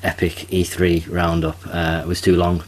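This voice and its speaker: A man co-hosting a casual podcast, chatty with quick asides and laughing at his own jokes. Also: sits low, monotone. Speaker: podcast co-host.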